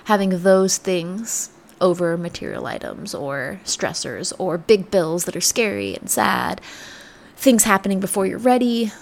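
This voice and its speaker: Creaky-voiced woman giving earnest self-help talk. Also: lowish voice. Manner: earnest and reflective, drops to soft near-whispers. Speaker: podcast host.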